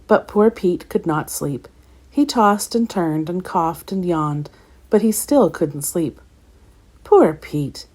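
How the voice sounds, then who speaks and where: A woman reading a children's story aloud in a gentle, expressive way. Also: lowish voice, a little slow.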